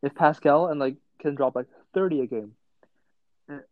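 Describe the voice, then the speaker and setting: A man's voice: fairly high pitch, normal speed, no echo, muffled recording. Young man rambling on a call. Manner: rambling, fillers like "bro" and "like". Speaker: friend in group call. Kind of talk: casual chat about basketball. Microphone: headphones on a call.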